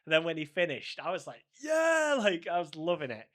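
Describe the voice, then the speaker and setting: A man tells a travel story in a casual podcast chat. His voice sits a little high, and he plays out every exchange he recounts in an animated way. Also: fast talker. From Manchester, England. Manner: animated, acts out quoted voices in his anecdotes. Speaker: podcast co-host.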